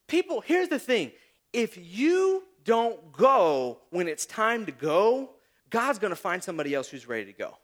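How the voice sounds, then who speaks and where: Animated high-voiced male pastor preaching. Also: normal speed. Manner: animated storytelling with mocking asides. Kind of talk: sermon.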